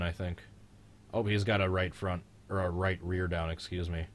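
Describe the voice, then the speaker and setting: A young man hosting a live-streamed race reaction, joking and excitable in casual commentary. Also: sits low, normal speed. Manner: joking, excitable, mild swearing. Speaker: host of a live-streamed racing reaction show.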